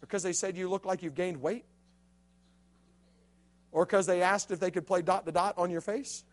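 A man's voice: high-pitched, fairly even intonation, moderate pace. A man preaching a playful youth sermon, joking with the crowd and acting out stories in different voices. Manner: playful, jokey storytelling with acted-out voices. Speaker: youth pastor.

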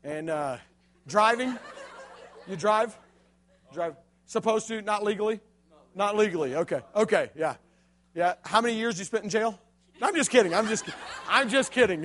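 Youth preacher, male, very high bright voice, lively jokey storyteller doing character voices. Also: normal speed, long pauses. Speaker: youth pastor. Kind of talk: animated youth sermon with acted stories.

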